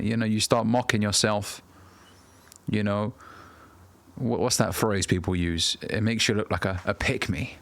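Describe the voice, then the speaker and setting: A man in his thirties lectures the camera with blunt, profane conviction. His low voice carries a gravelly fry. The sound is close and dry, with no room around it. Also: normal speed, no room sound. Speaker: dating and self-improvement coach. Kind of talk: direct-to-camera advice talk.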